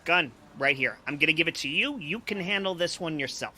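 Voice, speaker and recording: A man's voice: a little high, animated, fairly quick, heavy background noise, close to an everyday voice. A man playing a resigned, offhand police officer in an improv comedy scene.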